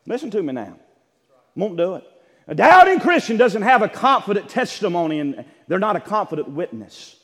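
A man preaching a sermon in an emphatic, repetitive style with bursts of shouting. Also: sits high, sing-song, moderate pace. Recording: church sanctuary with long reverb.

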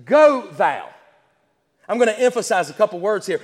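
A man with a high voice preaches a sermon. He repeats his key phrases in a rhythmic, rising way and reads old-style scripture aloud. His voice rings with the long echo of a church hall. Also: big pitch swings, moderate pace, pauses often, slightly rough.

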